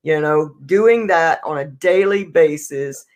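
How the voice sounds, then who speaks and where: A man's voice: on the high side, slow. A man hosting a recovery podcast, talking in a reflective, earnest way with frequent fillers. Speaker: podcast host. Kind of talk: casual podcast chat.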